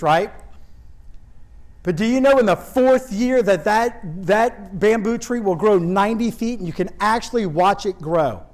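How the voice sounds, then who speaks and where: A man with a notably high voice delivers a motivational keynote to a live audience. He tells stories, speaks directly to the crowd and drives points home by repeating phrases. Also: rough recording. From Louisiana, US. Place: stage before a live audience.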